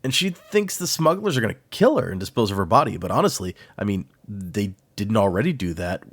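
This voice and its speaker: Animated man retelling a story. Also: fairly low pitch, a little fast, dry recording. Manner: animated retelling with frequent laughs. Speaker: podcast co-host. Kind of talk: casual book discussion.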